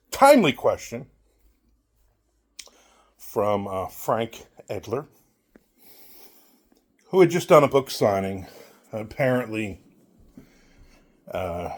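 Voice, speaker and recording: A man's voice: on the low side, a little mellow. A middle-aged man who hosts his own channel, giving a blunt, rambling opinion while out on a walk and acting out the people he quotes. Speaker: author and channel host. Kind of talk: casual opinion monologue while walking.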